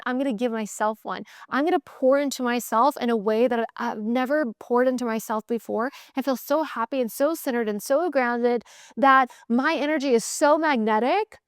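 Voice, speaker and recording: A woman's voice: on the high side, fairly quick, clear, resonant tone, no room sound, studio quality. A woman host giving a candid, motivational solo talk, emphatic and repeating phrases in bursts. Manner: candid, swears casually. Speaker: sales coach podcast host.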